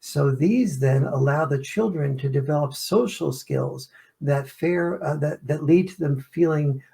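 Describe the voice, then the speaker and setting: A man's voice: fairly high pitch, unhurried, creaky, warm tone. A man, an author and interview guest, explaining his ideas and acting out family scenes as examples. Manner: explanatory, illustrates points with acted-out family scenes. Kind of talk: interview answers.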